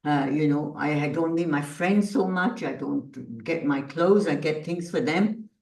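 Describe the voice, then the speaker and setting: A woman's voice: sits low, unhurried, a little mellow. Woman teacher leading a workshop, thoughtful and questioning, recorded from a distance in a roomy space. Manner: reflective, poses rhetorical questions. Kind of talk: online workshop talk. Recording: roomy echo, distant from the mic.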